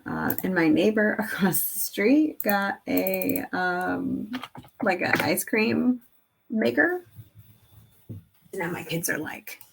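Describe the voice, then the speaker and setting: A woman's voice: mid-range voice, slow pace, creaky. A woman in her thirties chatting casually and rambling with laughs while making a craft design on screen. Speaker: craft video creator. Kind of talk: casual screen-recording chat.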